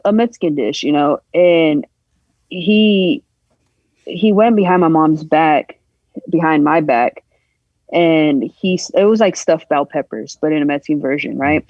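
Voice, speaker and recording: A woman guest on a podcast, candidly telling a personal story in a halting, emotional way, acting out the voices she quotes. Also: low voice, a little mellow, no echo. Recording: dull lo-fi sound.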